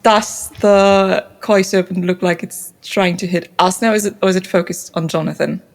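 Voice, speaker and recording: A woman takes part in a tabletop game, speaking tentatively and asking the game master questions. Her voice sits on the low side. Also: fairly even intonation, normal speed. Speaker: player.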